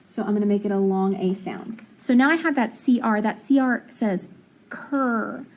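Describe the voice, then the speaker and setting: A woman teaching phonics to young students, patiently sounding out words slowly and clearly. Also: medium pitch, darkish tone. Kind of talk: recorded lesson for young students.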